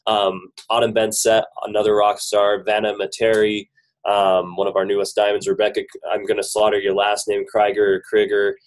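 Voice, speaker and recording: A man's voice: lowish voice, monotone, normal speed, poor audio. Upbeat man with a head cold. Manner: upbeat, chatty, joking praise. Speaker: business team leader on a coaching call. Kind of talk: casual conference-call pep talk. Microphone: phone conference call.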